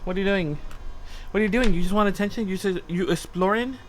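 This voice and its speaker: A high-pitched man talks in a loose, rambling live-stream chat from his desk at home. He keeps up a teasing banter with his cat, and soft music plays faintly behind him. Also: fast.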